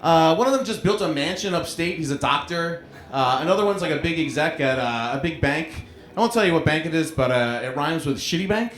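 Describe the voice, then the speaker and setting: A man's voice: on the high side, expressive, fairly quick, fairly bright tone. A man in his forties with a New York accent doing a self-deprecating live stand-up set, chatting with the crowd in a small club. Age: 40s. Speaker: stand-up comedian. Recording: roomy club sound with crowd laughter.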